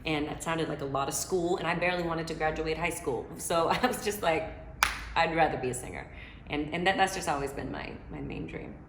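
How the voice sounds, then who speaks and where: A woman's voice: low voice, brisk, few pauses, roomy sound, background noise. A woman singer chatting from home as she answers fan questions, loose and slangy with plenty of filler. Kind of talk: casual chat. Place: her home.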